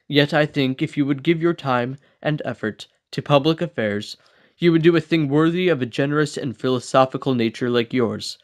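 Man reading a classic book aloud. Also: mid-range voice. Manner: steady reading with small slips and restarts. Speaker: audiobook reader.

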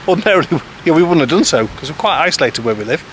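A man's voice: fairly high pitch, lively intonation, racing, fairly bright tone. A man chatting to camera in a casual, rambling, self-deprecating way, with lots of ums, as an expat vlogger. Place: outdoors in a village. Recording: outdoor noise with passing traffic.

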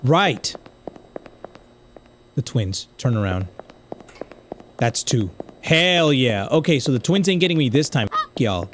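A young man from the United States commenting casually on a game he plays, swinging from quiet muttering to loud outbursts. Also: mid-range voice, slow pace, pauses often, a little hiss or hum. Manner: excitable, swings from muttering to yelling. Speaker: gaming streamer.

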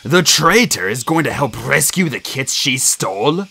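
A man's voice: mid-range voice, sing-song, normal speed, gravelly, sharp tone, slightly rough, exaggerated voice. A man doing a commanding old warrior tom. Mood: puzzled. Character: senior male warrior cat, steady and commanding.

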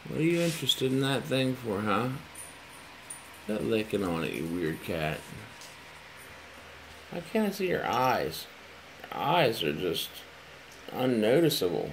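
Guy baby-talking his cat n dog at home, lively sing-song, bit gravelly. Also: mid-range voice, a little slow, pauses often, rough recording. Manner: coos and baby-talks to the pets, playful. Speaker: pet owner filming at home. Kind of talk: casual pet talk. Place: home room. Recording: home video with noise.

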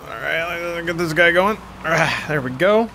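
High-voiced, excitable gamer man. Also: normal speed, a little hiss or hum. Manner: excitable, hams up a sea-creature persona. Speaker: gameplay commentator. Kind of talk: casual group game chat.

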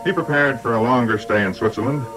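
An older man presenting a documentary in measured, scripted narration with dry, wry asides. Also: medium pitch, music in the background, rough recording.

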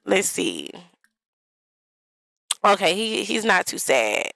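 A woman's voice: mid-range voice, very animated, takes it slowly, creaky, long pauses, fairly bright tone, dry recording, low-quality recording. A young woman giving casual gameplay commentary in a life-sim game, chatty and talking straight to her viewers. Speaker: gaming vlogger.

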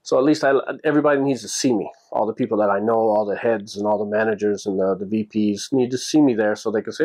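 A man casually telling a personal story on his podcast, plainspoken and animated, acting out the people he talks about. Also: on the low side, fast talker. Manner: plainspoken, with frequent restarts and "you know".

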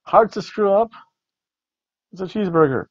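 A man's voice: high voice, expressive, normal speed. A man casually reviewing a wrestling event, rambling and repeating words as he rates matches with food jokes. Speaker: podcast co-host reviewing wrestling. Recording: dull lo-fi dry recording.

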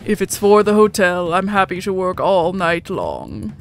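A woman voicing a reserved, polite male minotaur hotel keeper who speaks formally and measured. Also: on the low side, big pitch swings, gravelly, faint music behind, voice pushed down, full character voice.

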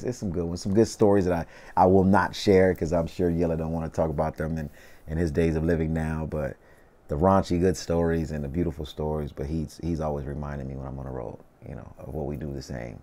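A rapper in his thirties with a Southern Californian accent tells stories as a guest in a casual interview, relaxed and slangy and full of "you know what I mean." His voice rumbles low and he talks fast.

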